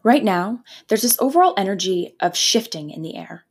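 Earnest, husky-voiced woman hosting a spiritual podcast. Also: medium pitch, normal speed. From Canada. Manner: earnest and animated, with casual swearing. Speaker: podcast host. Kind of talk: spiritual motivational podcast monologue.

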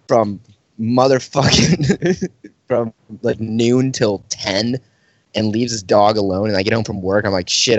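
A man's voice: lowish voice, dry recording. A man co-hosting a podcast, ranting in casual, heavily profane, exasperated talk. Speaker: podcast co-host. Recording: dull lo-fi dry audio.

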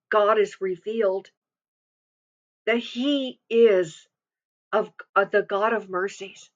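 A woman's voice: medium pitch, dull audio. A woman giving an earnest, confiding devotional sermon, reading scripture and speaking from personal experience with frequent restarts.

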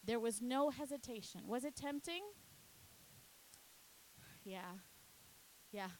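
A woman's voice: fairly high pitch, animated, slow, a little mellow, a little hiss or hum, rough recording. Earnest woman telling a faith testimony. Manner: earnest storytelling, often emotional. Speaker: youth pastor sharing a testimony.

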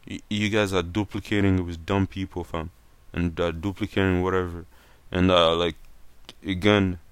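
A young man's low, smooth voice delivers a blunt, profane opinion rant. He talks casually, leaning on "like" and "fam". The recording is dry and close. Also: dry recording. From Canada.

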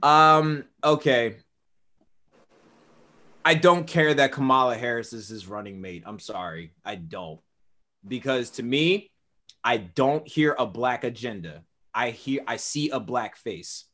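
A man co-hosting a podcast in casual chat, animated and laughing, his voice jumping up when he gets worked up. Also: mid-range voice, slow. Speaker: podcast co-host.

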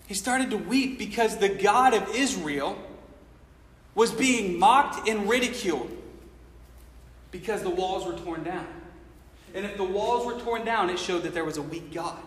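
A man's voice: high voice, fairly bright tone. A man preaching a sermon in a church, telling the story casually and with slang, acting out what people say. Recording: echoey hall with long reverb.

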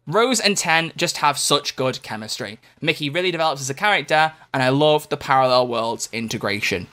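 Man, young adult, bright tone, slightly higher voice, casual podcast chat, playful, rambling. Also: lively intonation, brisk. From United Kingdom. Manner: rambling, playful, many restarts. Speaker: podcast co-host.

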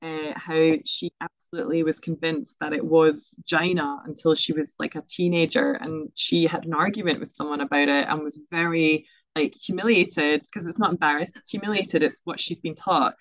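Young female educator, casual interview guest, quick filler-heavy delivery, dry room. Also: sits low, steady tone, a bit bright, no room sound, poor audio. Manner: chatty, quick, many fillers and laughs.

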